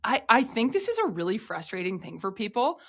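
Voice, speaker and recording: Cheery lady podcast host, encouraging, laughs a lot, middle pitch. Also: very animated, fairly bright tone. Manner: upbeat, encouraging, quick to laugh. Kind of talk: casual podcast chat.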